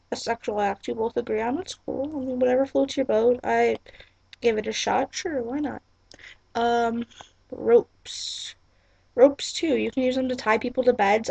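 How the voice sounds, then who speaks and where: Giggly young woman with a gravelly voice. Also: a little high, darkish tone, no echo. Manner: giggly, apologetic, lots of "like" and "um". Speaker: vlogger. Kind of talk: casual rambling vlog chat.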